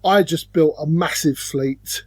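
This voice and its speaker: A man's voice: on the high side, unhurried, breathy edge, no echo. A man co-hosting a podcast, chatting casually about board games and slipping into silly voices now and then. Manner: animated, slips into silly put-on voices. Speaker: podcast co-host.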